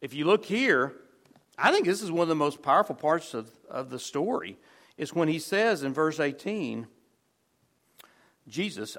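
A man preaching a sermon in a conversational way, restarting phrases often and dropping to soft, low tones on key words. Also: sing-song, a little slow, long pauses. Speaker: pastor.

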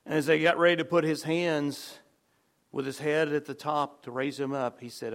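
A man preaching a sermon in a conversational way, restarting phrases often and dropping to soft, low tones on key words. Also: steady tone, moderate pace. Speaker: pastor.

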